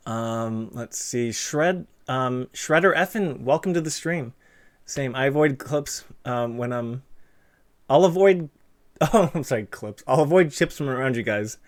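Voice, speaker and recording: A man hosting a relaxed livestream interview, talking in a loose, chatty way. He laughs easily and breaks off to read out viewer messages. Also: medium pitch, unhurried. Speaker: streamer and interviewer. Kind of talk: casual livestream chat.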